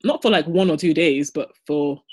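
A young woman co-hosting a casual podcast from home in London over a video call, chatty and quick to giggle. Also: low-pitched, darkish tone, breathy edge. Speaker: podcast co-host.

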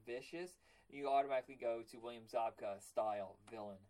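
A man in easy, rambling conversation about old movies, talking over a remote call. His voice sits at a middling pitch, and he gets animated and swears casually as he goes. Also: fairly quick. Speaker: podcast co-host.

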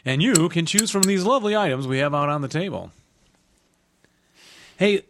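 A man's voice: fairly high pitch, lively intonation, moderate pace, background noise. A man co-hosting a podcast, joking around and doing hammy announcer-style intros in casual banter. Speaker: podcast co-host.

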